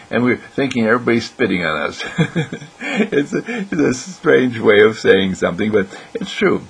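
Older male motivational speaker, raspy fry, animated and playful delivery. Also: on the low side, poor audio. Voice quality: gravelly, husky. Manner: animated, playful, acts out other voices. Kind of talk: inspirational monologue.

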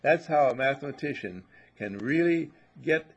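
A man's voice: a little high, animated, moderate pace, breathy edge, muffled recording. A man giving a spiritual talk, musing and telling stories, and sometimes repeating himself. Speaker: spiritual teacher.

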